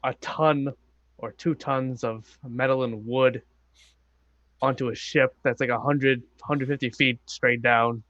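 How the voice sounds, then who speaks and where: A man's voice: mid-range voice, fairly even intonation, a little slow, fairly bright tone, no echo, muffled recording. A man as a player in a tabletop game, chatting casually with a dry joking manner.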